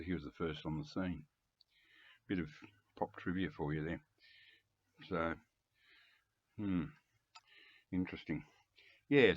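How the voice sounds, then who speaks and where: Older Australian bloke in his seventies, low husky voice, rambling chatty vlog, dull lo-fi sound. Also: no room sound. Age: 70s. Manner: chatty, rambling, chuckling, frequent throat-clearing. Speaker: music collector video host. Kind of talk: casual rambling monologue to camera.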